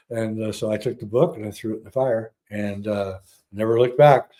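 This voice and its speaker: Mellow-voiced man telling a story. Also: medium pitch, moderate pace. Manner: animated, acts out dialogue. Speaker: filmmaker guest. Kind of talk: personal storytelling.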